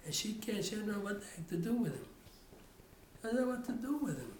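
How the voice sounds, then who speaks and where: Speaking brisk and sing-song in a high, slightly mellow voice, an older father tells family stories during an oral history interview. He rambles and restarts frequently, and the echoey recording has a little hiss or hum.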